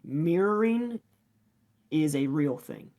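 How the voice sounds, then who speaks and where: A man who coaches youth wrestling tells a story on a podcast, casual and chatty. He acts out each quoted line and scatters fillers through his talk, at a middle pitch for a man. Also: measured pace, vocal fry, darkish tone.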